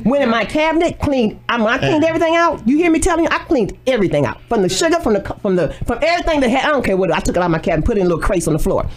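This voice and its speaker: A woman guest on a radio talk show, telling her story with lively animation and acting out what she said. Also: on the high side, racing, few pauses. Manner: animated storytelling, acts out her own quotes. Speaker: guest, organic cafe owner. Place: radio studio.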